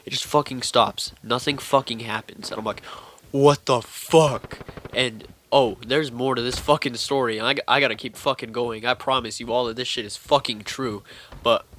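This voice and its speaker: A man's voice: mid-range voice, steady tone, moderate pace, pushed and bright, slight background noise. A young man telling a spooky story to camera in a rambling, casual way, swearing constantly. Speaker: vlogger telling a scary story.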